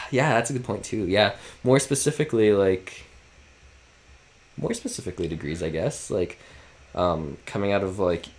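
A man's voice: lowish voice, moderate pace, long pauses. A man in his twenties co-hosting a casual podcast, rambling with lots of fillers. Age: 20s. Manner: rambling, heavy use of "like". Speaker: podcast co-host. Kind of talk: casual chat.

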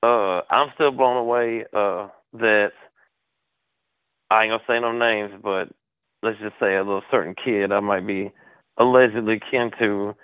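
A man, chatting casually as a podcast co-host and telling stories in an animated, profane way. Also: fairly low pitch, unhurried, smooth, no echo. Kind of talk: casual chat. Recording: tinny phone-like line.

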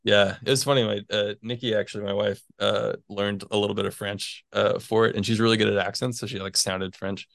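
A man's voice: lowish voice, level tone, brisk, gravelly, few pauses, a bit bright, no echo, clean studio sound. A man in his twenties, a physics PhD student, chatting casually as an interview guest, rambling with lots of fillers and little chuckles. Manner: rambling, chuckles between phrases, many fillers.

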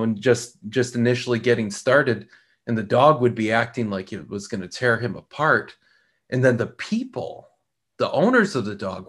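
A middle-aged man hosting a reflective talk, speaking in a slow, measured way with frequent pauses and repeated words. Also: medium pitch. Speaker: podcast host.

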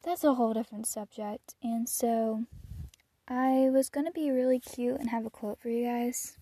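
A teenage girl chatting casually about her week as a podcast host, rambling with fillers and soft laughs, a little out of breath. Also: a little high, steady tone, moderate pace, breathy edge, no room sound. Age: teens. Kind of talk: casual personal chat.

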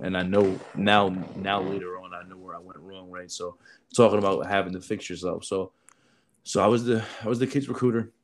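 New guy, low voice, telling a recruiter story all animated, doing everybody's voices. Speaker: military recruiter. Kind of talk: casual storytelling chat.

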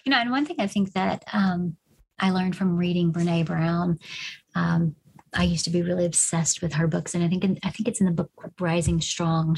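A woman's voice: lowish voice, vocal fry, a little hiss or hum, poor audio. A middle-aged woman in casual conversation, telling a long personal story with many fillers and restarts.

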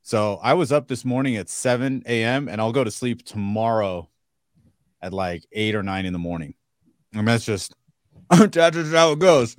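A man's voice: mid-range voice, lively intonation, moderate pace, no echo, clean studio sound. A man co-hosting a podcast in casual chat, laid-back and laughing between phrases. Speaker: podcast co-host.

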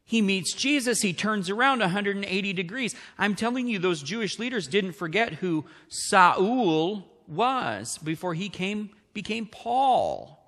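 Man, sermon, high voice, bright and forceful, long hall reverb. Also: a little slow, hardly any pauses. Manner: animated preaching, asks congregation questions. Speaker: pastor.

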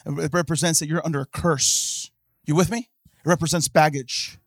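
A man preaching a sermon in church, swinging from hushed talk to impassioned shouting and calling out to the congregation. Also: fairly high pitch, steady tone, moderate pace, dry recording, studio quality. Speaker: pastor.

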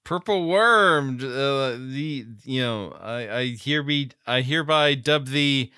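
A man's voice: mid-range voice, slow pace, sharp tone, clean tone, no echo. A man co-hosting a podcast in casual chat over a call, joking in a dry, wry way. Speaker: podcast co-host. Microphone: remote call recording.

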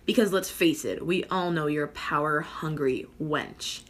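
A woman's voice: low voice, unhurried, a bit bright. A woman playing a sulky, whiny teenage male prince in a comedic skit, talking sarcastically and with exasperation, addressing viewers like a vlogger. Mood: sarcastic.

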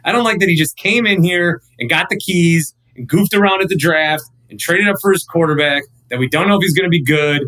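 Man in his thirties, radio host as podcast guest, lively rambling storyteller, slightly higher voice. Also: fairly quick, few pauses, low-quality recording. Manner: animated, rambling storyteller with frequent restarts. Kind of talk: casual podcast chat.

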